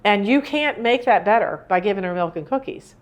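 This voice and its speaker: A woman's voice: medium pitch, expressive, fairly quick. A woman in her sixties giving a live talk on grief, speaking in an earnest, rambling, conversational way. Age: 60s. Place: indoor room with a live audience.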